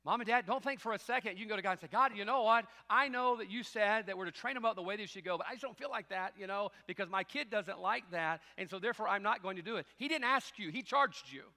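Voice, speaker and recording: A middle-aged man preaching a sermon as pastor, shifting between loud, driving preaching and quiet, joking asides. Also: sits high, fast talker, hardly any pauses, in a large hall. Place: church sanctuary.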